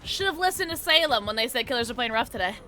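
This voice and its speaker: A woman's voice: on the high side, lively intonation, a little fast, bright, forceful tone. A woman streaming live from home, chatting with viewers and reacting to her game in playful slang. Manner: bubbly, playful slang, talking to chat. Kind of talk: live gameplay commentary with chat.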